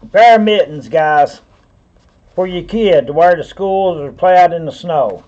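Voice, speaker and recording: Folksy Southern auctioneer man, high voice. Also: measured pace, darkish tone, dull audio. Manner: folksy, rambling, talks to viewers by name. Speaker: online auctioneer. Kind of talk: live-stream auction patter.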